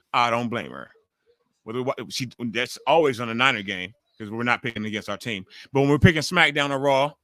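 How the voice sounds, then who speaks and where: Bright-voiced, profane stream host. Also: male voice, mid-range voice, dry recording. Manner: loose, profane, talks straight to the chat. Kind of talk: casual watch-along chat with viewers.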